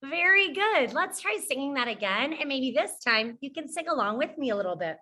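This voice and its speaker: A young woman teaching preschoolers, speaking slowly and clearly, praising them often and singing simple songs. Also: high voice, big pitch swings, pushed and bright.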